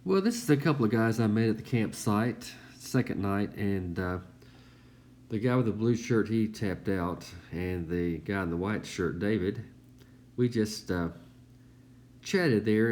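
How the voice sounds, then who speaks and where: A man's voice: fairly low pitch, darkish tone, a little hiss or hum. A man, easygoing and full of fillers, telling trail stories as a casual voice-over recap. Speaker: thru-hiker vlogger.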